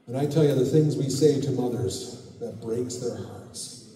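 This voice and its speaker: A middle-aged Canadian pastor telling his life story in a sermon, relaxed and full of fillers. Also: mid-range voice, normal speed. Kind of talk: sermon testimony. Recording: echoey hall from far off.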